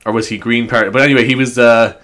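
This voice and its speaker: A fast-talking Irish man hosts a solo podcast through a new microphone, his mid-range voice a bit bright and fairly even in intonation. He rambles casually and self-mockingly, swearing frequently.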